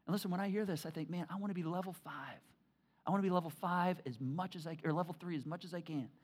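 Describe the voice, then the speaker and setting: A pastor preaching a sermon, telling family stories with animated, repetitive emphasis. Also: male voice, sits high, fast, breathy edge.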